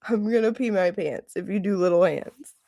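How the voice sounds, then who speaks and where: A woman hosting a casual livestream, gushing and excitable, gasping and laughing often. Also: medium pitch, moderate pace, no room sound, clean studio sound. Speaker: livestream host.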